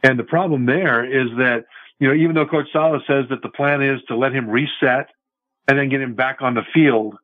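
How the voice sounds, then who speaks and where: A man calling in as a football analyst guest, giving measured, confident analysis over the phone. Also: mid-range voice, steady tone, no room sound. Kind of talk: phone-in sports talk. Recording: tinny phone line, dry.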